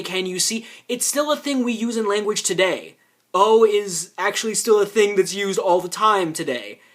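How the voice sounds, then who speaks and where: A man's voice: high-pitched, fairly bright tone. A man rebutting a clip in argumentative commentary. He explains at length, restarts his sentences often and curses now and then.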